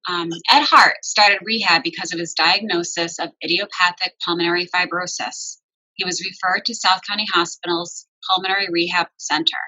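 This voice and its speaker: A woman's voice: lowish voice, steady tone, moderate pace, sharp tone, poor audio. A woman hosting a tribute event, reading prepared introductions of the honorees. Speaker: event host.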